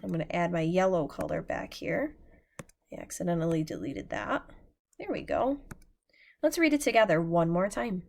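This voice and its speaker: A slow, unhurried American woman teaching phonics to young readers, her voice at an ordinary middle pitch. She sounds out each word piece by piece with patient care, as in a screen-shared lesson recorded on a computer mic. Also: sing-song.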